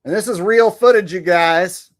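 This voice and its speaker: A man's voice: high-pitched, moderate pace. A man hosting a live stream, who chats loosely in a joking, profane way. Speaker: streamer host. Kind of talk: casual live-stream commentary.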